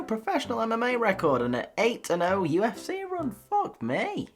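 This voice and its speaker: A woman's voice: a little high, sing-song, normal speed, few pauses. Giggly woman reading weird news. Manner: giggly, swears, jokey asides and silly voices. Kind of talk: comedic news reading with asides.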